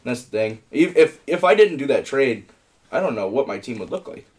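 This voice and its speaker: Casual man hosting a sports podcast, rambling and quick, laughs often. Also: mid-range voice, very animated. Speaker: podcast host running fantasy football picks.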